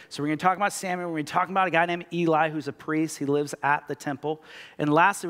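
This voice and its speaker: Man preaching in a reverberant church hall. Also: fairly high pitch. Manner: casual, animated storytelling with many fillers. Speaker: pastor. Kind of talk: sermon. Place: church auditorium.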